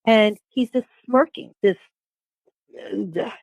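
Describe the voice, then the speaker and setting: A woman in her sixties giving a personal testimony as an interview guest, halting, with repeated words and restarts. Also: a little high, fairly even intonation, no echo. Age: 60s.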